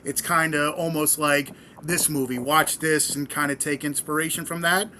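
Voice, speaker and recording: A man co-hosting a podcast, with a somewhat high and sharply bright voice. He rambles through his points, padding them with fillers. Faint hiss sits underneath. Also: steady tone, moderate pace. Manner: rambling, many "you know" fillers. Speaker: podcast co-host. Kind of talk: casual podcast interview.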